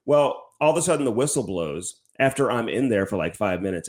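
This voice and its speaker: Man, podcast co-host, casual storytelling, rambling, swears a lot, mid-pitched voice. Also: lively intonation, fairly quick, hardly any pauses. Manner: rambling and profane, heavy on fillers like "whatever". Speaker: podcast co-host and TV hockey reporter.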